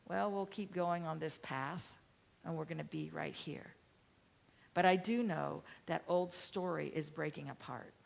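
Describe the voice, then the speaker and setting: A woman minister giving a sermon, speaking in a soft and reflective way and at times dropping nearly to a whisper. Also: low-pitched, vocal fry.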